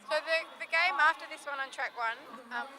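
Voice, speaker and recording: A woman's voice: high-pitched, fairly quick, noisy background. A woman with an Australian accent doing easygoing live commentary on a roller derby game.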